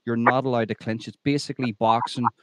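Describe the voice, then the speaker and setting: A man's voice: medium pitch, steady tone, quick pace, a bit bright, dry recording. Emphatic male podcast host, dry close sound. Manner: emphatic and opinionated, repeats himself when stressing a point. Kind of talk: conversational interview.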